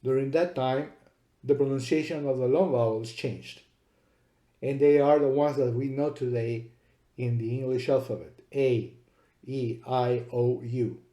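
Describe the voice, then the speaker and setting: A man's voice: mid-range voice, steady tone, moderate pace, warm tone. A man giving a methodical explanatory lecture, spelling out letters one by one. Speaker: teacher. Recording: echoey room.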